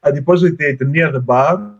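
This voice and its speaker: A man's voice: fairly high pitch, normal speed, highs cut off. A man playing a tabletop game, describing his character's actions plainly with fillers. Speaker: player.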